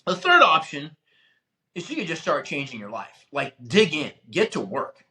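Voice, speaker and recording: Animated, upbeat male motivational host. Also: on the high side, moderate pace. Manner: emphatic, animated coaching, acts out quotes. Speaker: podcast host. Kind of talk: motivational talk.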